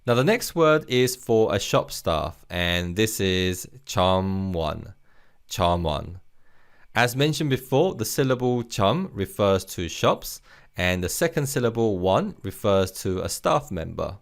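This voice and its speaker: Lively, encouraging male language teacher. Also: on the low side. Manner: clear, patient, encouraging; models words slowly for repetition. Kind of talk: recorded language lesson.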